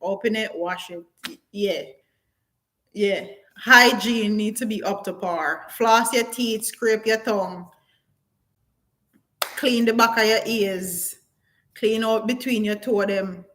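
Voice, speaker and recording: A woman's voice: mid-range voice, slow pace, long pauses, rough recording. Blunt woman chatting live. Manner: blunt, animated, reads viewer comments aloud; patois phrasing, frequent laughter. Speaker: live stream host. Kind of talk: casual live-stream chat.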